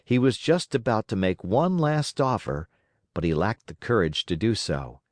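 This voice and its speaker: A man narrates a classic fairy tale for English learners. His voice sits on the low side but moves with lively, animated pitch. The sound is dry and close to the mic. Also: normal speed, no echo. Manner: expressive, lively storytelling. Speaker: storyteller.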